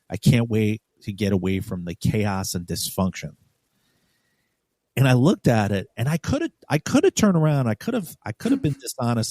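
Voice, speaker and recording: A man's voice: lowish voice, dark tone, no echo, clean studio sound. A man from New York, a podcast co-host, telling a story bluntly and with profanity, acting out the dialogue. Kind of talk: casual storytelling.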